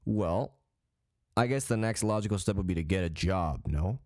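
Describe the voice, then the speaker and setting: A man's voice: deep voice, normal speed, darkish tone, dry recording, studio quality. A young man in his late teens from Canada, hosting a podcast and telling a story in a casual, rambling way, with frequent swearing, restarts and fillers. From Calgary, Canada. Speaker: podcast host.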